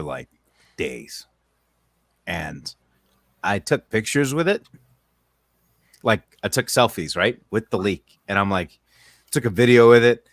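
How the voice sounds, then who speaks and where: A man on a podcast, slowly telling a short workplace story in casual chat. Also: low voice, no room sound.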